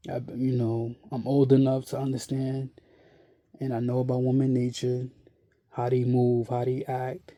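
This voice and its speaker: A man speaking a casual monologue to camera, blunt and profane, sounding weary and worn out, halting and repeating himself often. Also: medium pitch, completely flat delivery, mellow. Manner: slow, halting and repetitive, with many restarts. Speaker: vlogger.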